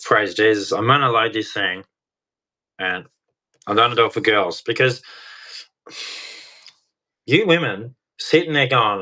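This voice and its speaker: A man's voice: medium pitch, normal speed, pauses often, pushed and bright. A middle-aged man hosting a reaction video, ranting angrily at clips with heavy swearing. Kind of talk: angry reaction commentary.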